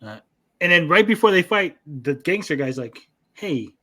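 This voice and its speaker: A man hosting a casual podcast chat, swearing freely and retelling scenes with quick quoted voices. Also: high voice, very animated, pushed and bright. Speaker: podcast host.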